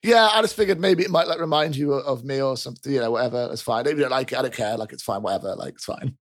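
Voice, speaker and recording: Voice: medium pitch, fast talker, natural voice. A game master voicing an awkward, lovesick young male guard who stammers and mumbles defensive dismissals. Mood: sulky.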